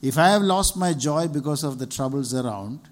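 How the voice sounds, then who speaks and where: Middle-aged preacher from India, slightly high male voice, earnest, repeats key phrases for emphasis. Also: expressive, moderate pace. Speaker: preacher, doctor. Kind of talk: sermon with personal testimony.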